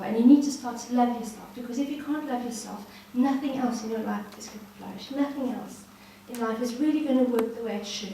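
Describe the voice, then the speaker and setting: A woman's voice: fairly high pitch, mellow, a little hiss or hum. A woman giving an earnest, encouraging personal testimony to a ladies' gathering, speaking straight to the audience. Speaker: guest speaker. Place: hall at a ladies' social evening. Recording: echoey room from far off.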